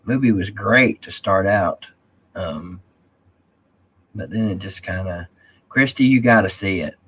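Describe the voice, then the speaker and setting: Husky rambling live stream host. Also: male voice, deep voice, unhurried, a bit bright. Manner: rambling, drawling, reads viewer comments aloud. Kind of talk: casual live stream chat.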